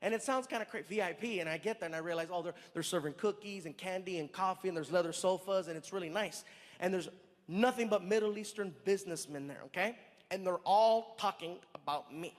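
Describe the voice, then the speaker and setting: A man doing a stand-up comedy set, telling an animated story on stage into a stage microphone, with acted-out dialogue. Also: high voice, a little fast, big-room sound. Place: live comedy venue on stage.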